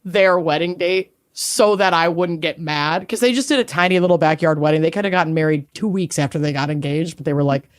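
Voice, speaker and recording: A woman's voice: low voice, a little fast, hardly any pauses, no echo, clean studio sound. A woman, co-hosting a podcast in playful, rambling casual chat. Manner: chatty, playful, rambling stories. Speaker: podcast co-host.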